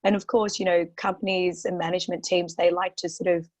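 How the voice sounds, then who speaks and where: An Australian woman with a croaky voice, answering interview questions as a guest on a webinar, talking steadily with lots of "you know" and "um" fillers. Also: on the low side, level tone, fairly quick, a little mellow. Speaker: portfolio manager guest.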